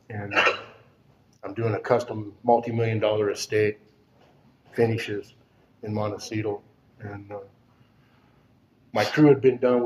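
A man's voice: fairly low pitch, slight background noise, rough recording. A man in his fifties giving an earnest personal testimony at a recovery gathering, rambling through his story and checking in with "you know?" again and again.

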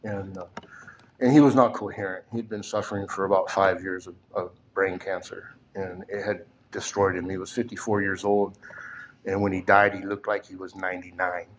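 A man in his sixties, his voice sitting fairly low. He tells a personal story haltingly, with many "and, uh" pauses, and often drops almost to a whisper. Faint ambient noise lies under his voice. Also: little pitch movement. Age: 60s. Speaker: storyteller recounting his past. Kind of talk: personal testimony.

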